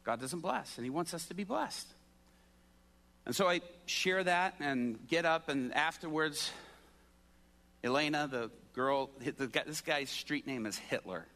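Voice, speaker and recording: A man pastor telling a story from the pulpit, animated and acting out the people in it. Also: a little high, measured pace. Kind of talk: storytelling sermon.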